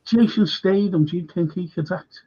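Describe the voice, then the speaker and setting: A man's voice: high voice, moderate pace, highs cut off, crowd noise. A man hosting a casual live-stream film chat, rambling and repeating himself as he reads viewer comments.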